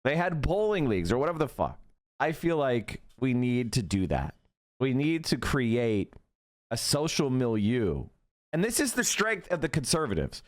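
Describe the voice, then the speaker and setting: A man hosting a live stream, giving political commentary in an animated, profane rant full of tangents. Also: mid-range voice, moderate pace. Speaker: streamer host.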